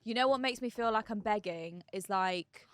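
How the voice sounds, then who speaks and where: Bright-voiced young woman, teasing co-host. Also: medium pitch, moderate pace, no room sound. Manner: teasing, laughs often. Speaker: podcast co-host. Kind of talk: casual chat.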